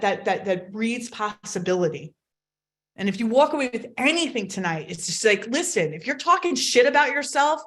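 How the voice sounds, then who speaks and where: A woman's voice: medium pitch, a bit bright. A woman coaching parents in a live online workshop, talking bluntly and emphatically and swearing freely. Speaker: autism potty training coach.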